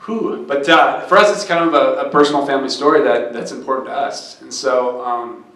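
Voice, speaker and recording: A man's voice: mid-range voice, steady tone, a little fast, bright, forceful tone. A man who founded a startup speaks earnestly to a live event audience. He tells a story with many restarts. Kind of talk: live fireside chat. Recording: echoey room.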